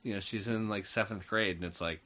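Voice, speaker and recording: A man's voice: lowish voice, fairly even intonation, a little fast, sharp tone, lo-fi sound. A man co-hosting a casual chat podcast, talking in a hesitant way with frequent restarts and dry remarks. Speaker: podcast co-host.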